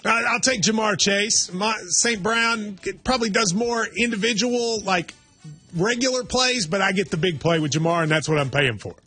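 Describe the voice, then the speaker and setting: Opinionated husky-voiced male co-host. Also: sits high, moderate pace, bright, forceful tone, faint music behind. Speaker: sports talk co-host. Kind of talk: radio sports chat.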